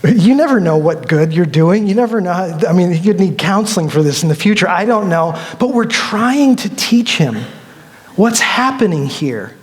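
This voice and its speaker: High-voiced pastor in a reverberant church. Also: male voice, animated, normal speed. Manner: conversational storytelling with acted quotes. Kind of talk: sermon. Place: church sanctuary.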